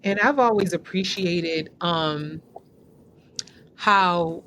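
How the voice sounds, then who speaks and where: Slow, measured woman hosting. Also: lowish voice, fairly bright tone, a little hiss or hum. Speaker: podcast host. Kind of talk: interview conversation.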